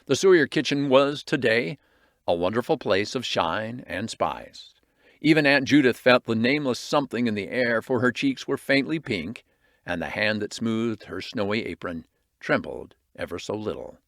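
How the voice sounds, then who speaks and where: Man narrating with a lively voice. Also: mid-range voice, moderate pace, no room sound, studio quality. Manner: expressive, varied reading. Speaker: audiobook reader. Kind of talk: storybook narration.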